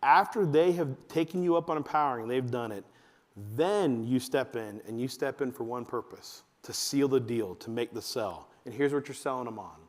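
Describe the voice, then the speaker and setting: A man giving a talk to fathers at church, telling family stories and acting out his kids in a high voice. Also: normal speed. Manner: animated storytelling, acts out his kids in a high voice. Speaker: men's ministry speaker. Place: church hall. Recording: long hall reverb.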